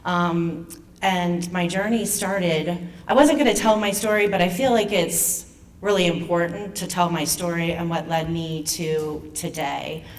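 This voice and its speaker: A woman in her fifties, president of a patient foundation, nervously telling her own story to an audience, halting and emotional. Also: on the low side, steady tone. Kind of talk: personal story told to an audience. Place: event venue. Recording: distant mic with faint room noise.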